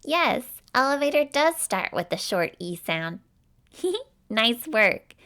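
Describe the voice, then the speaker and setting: A young woman teaching a children's phonics lesson, slow and clear, stretching out each sound and cheering the listener on. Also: on the high side, big pitch swings, bright, forceful tone.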